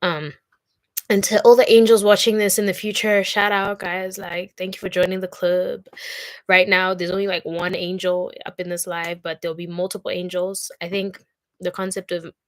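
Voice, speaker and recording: A woman's voice: fairly low pitch, flat delivery, moderate pace, dry recording. A young woman with a South African accent, talking to camera in an emotional, rambling way and crying at times. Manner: heartfelt, tearful, rambling with fillers. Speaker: vlogger. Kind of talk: emotional casual talk to camera.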